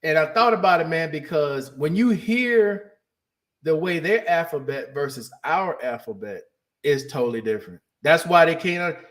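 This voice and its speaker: A man's voice: on the high side, animated, moderate pace, fairly bright tone. A man hosting a podcast, talking to listeners in a candid, casual monologue. He often restarts and repeats phrases for emphasis. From United States. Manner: candid, emphatic, repeats himself while searching for words. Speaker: podcast host.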